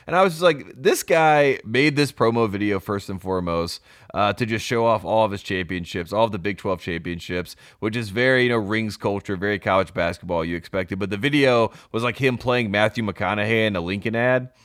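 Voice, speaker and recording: Deep-voiced young man in casual sports chat. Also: a little fast, a bit bright, no echo, studio quality. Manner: enthusiastic, laughs while talking. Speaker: podcast co-host.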